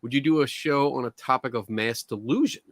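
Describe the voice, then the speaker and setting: A man's voice: medium pitch, fairly quick, no echo, studio quality. A man hosting a casual live stream, joking and reading viewer questions aloud.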